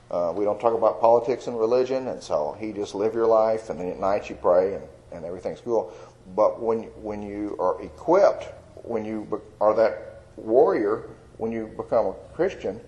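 A man's voice: lowish voice, a little mellow, muffled recording. A man, an evangelist giving a folksy, earnest personal testimony sermon.

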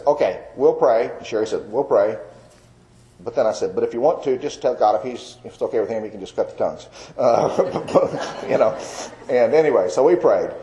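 A man's voice: medium pitch, mellow, low-quality recording. A man, an evangelist giving a folksy, earnest personal testimony sermon.

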